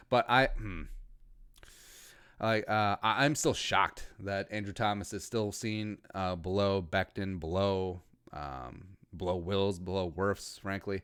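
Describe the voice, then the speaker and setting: A man's voice: on the low side, steady tone, moderate pace, fairly bright tone, clean tone. A man in his thirties from Minnesota hosting a casual livestream podcast, rambling and joking with crude asides. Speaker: podcast host.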